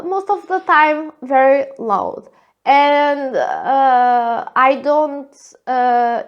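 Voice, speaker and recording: Thin, squeaky woman with a Portuguese accent. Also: lo-fi sound. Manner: hesitant, many filler "uh"s. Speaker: podcast host. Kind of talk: reflective solo podcast monologue.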